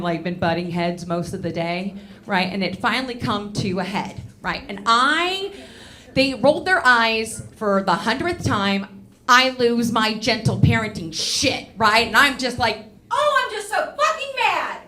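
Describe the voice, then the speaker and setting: A brash woman in her thirties doing stand-up on a club stage, talking into a handheld mic. Her voice sits a little high and rings bright and sharp. She fires off profane, self-mocking punchlines. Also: a little hiss or hum. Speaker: stand-up comedian. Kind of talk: stand-up comedy set.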